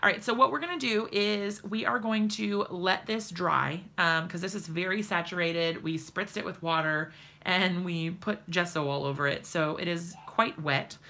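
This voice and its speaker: Chatty woman with a gravelly edge. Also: lowish voice, steady tone, moderate pace, pushed and bright. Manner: chatty, laughs often, talks straight to viewers. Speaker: crafting livestream host. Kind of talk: casual crafting demo chat. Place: home craft desk.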